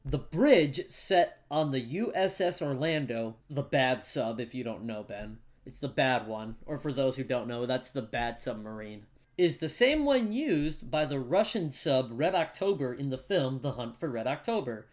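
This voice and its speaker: A man's voice: mid-range voice, lively intonation, a little slow. A man co-hosting a casual podcast, reading out movie facts and joking around, laughing often and restarting his sentences. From United States. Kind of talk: casual chat.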